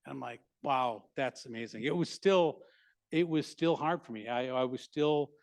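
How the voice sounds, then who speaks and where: A middle-aged man tells his own story to a live audience, stopping and restarting often and poking fun at himself. His voice sits at an ordinary pitch and sounds close and dry, with little room around it. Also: creaky, dry recording. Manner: halting, many restarts and fillers, self-mocking humor. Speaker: speaker at a library talk. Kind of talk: personal story told to an audience.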